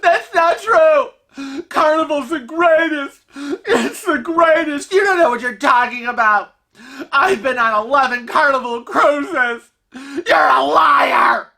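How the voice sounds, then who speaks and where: A man voicing a furious middle-aged female cruise superfan who shrieks and shouts near tears. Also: extremely high pitch, animated, slow, vocal fry, voice pushed up, heavily acted. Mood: shrieking outrage.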